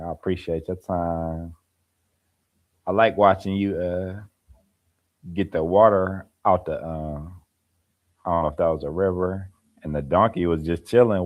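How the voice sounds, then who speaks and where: Man, very low voice, laid-back, casual live chat, laughs while talking. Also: a little mellow. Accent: African American Vernacular English. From American Midwest or East Coast.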